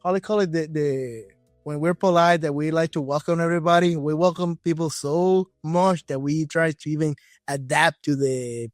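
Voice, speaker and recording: A man hosting an interview podcast, a Spanish native speaker talking in English, excited and chatty. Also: a little high, normal speed, no room sound, studio quality, faint music behind. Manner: excited, chatty, rephrases often. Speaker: podcast host. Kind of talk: casual interview chat.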